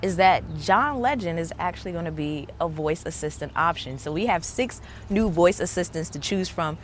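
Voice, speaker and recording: A woman hosting a casual tech vlog, chatty and excited, often saying "like". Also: lowish voice, moderate pace, slight background noise. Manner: chatty, enthusiastic, lots of "like" fillers. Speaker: tech vlogger.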